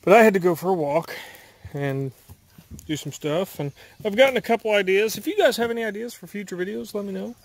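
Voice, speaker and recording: A young man rambling casually in a walking vlog through the woods by a creek, telling animated stories, recorded on a handheld camera. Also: high-pitched, brisk. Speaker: vlogger.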